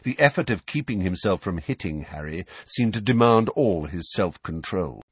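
A man narrating a novel aloud in expressive storytelling. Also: sits low, moderate pace, slightly rough, dry recording. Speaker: audiobook narrator. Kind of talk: scripted narration.

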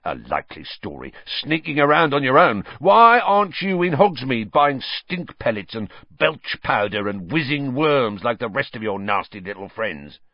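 A man's voice: medium pitch, big pitch swings, normal speed, few pauses, no room sound, pitched above the performer's own voice. A man voicing a surly, suspicious old caretaker who snarls and spits his words scornfully. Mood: snarling. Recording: dull lo-fi dry recording.

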